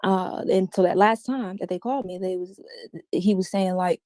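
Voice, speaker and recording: A woman's voice: mid-range voice, moderate pace, darkish tone, no echo, clean studio sound. A woman as an interview guest, giving a candid, emphatic personal account in slangy everyday speech.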